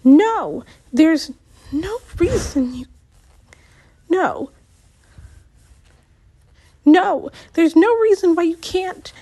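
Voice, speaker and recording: A woman voicing a fortune-teller who speaks in a high-pitched, impatient drawl. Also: lively intonation, drawn-out words, long pauses, mellow, heavily acted. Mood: insistent.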